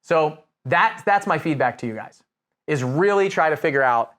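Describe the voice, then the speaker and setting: A man's voice: a little high, animated, normal speed, a bit bright. A man coaching real estate investors in a casual, conversational way, with many restarts and fillers. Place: Nashville.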